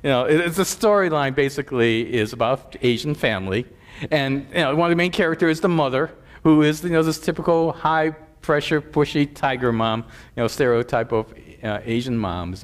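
A man's voice: a little high, a little fast. A middle-aged man preaching a sermon as a pastor, in a conversational way with frequent asides to the congregation.

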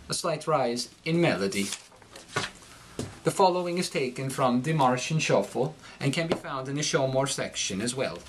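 Male coach, methodical teaching, mid-pitched voice. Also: lively intonation, normal speed, slight background noise. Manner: clear, methodical explanation. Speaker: accent coach. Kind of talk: dialect lesson.

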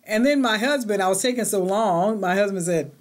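A middle-aged woman chatting in a casual home vlog to camera, animated, moving between excited and hushed. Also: medium pitch, brisk. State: out of breath. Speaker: vlogger.

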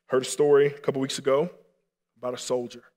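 A male pastor delivers a sermon at a mid-range pitch, his voice carrying a long reverb through a church hall. He talks earnestly and pleads more strongly as he goes on. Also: flat delivery, fast talker, darkish tone. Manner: earnest preaching, rising to impassioned appeals. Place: church sanctuary.

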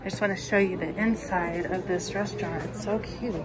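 A woman's voice: medium pitch, steady tone, a little fast, loud music behind the voice. A woman vlogging on a mountain hike, chatty and bubbly, cooing at her dog in baby talk. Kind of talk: casual outdoor vlog. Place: outdoors on a mountain trail.

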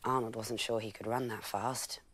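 A woman presenting a bedtime story for children, reading it aloud gently and expressively. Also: a bass voice, steady tone, moderate pace, a little hiss or hum.

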